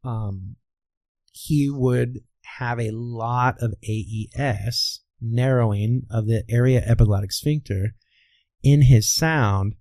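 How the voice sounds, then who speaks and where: In a warm, mid-range voice with no echo, this Midwestern American man, a voice coach, explains things as an interview guest. His style is teacherly: he asks rhetorical questions and supplies the answers himself.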